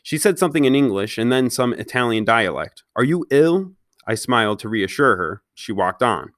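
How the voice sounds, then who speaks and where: A man's voice: lowish voice, a bit bright, no echo, studio quality. A man reading a children's novel aloud, stopping now and then to ask his listeners questions. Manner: pauses to question listeners directly. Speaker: read-aloud storyteller.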